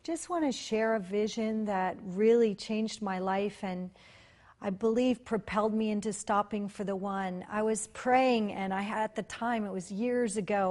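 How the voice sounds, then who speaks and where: A woman preacher telling a story and praying in a passionate, fervent way, repeating her phrases. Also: mid-range voice. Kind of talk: sermon and prayer. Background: loud music.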